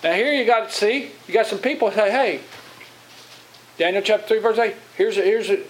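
Man, pastor, sermon, church, conversational, questioning, higher-pitched voice, faint hiss. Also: fast, low-quality recording. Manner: plain-spoken, conversational, asks the congregation questions.

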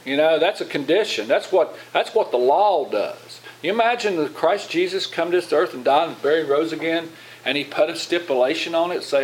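This man sits a bit higher than most men's voices as he teaches scripture in an informal, chatty way. He keeps turning to his listeners with questions and doubles back on his words mid-sentence. A faint hiss of room noise sits under him. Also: animated, fairly quick, rough recording. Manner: informal, asks congregation questions, repeats words. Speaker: pastor. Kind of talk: conversational Bible teaching.

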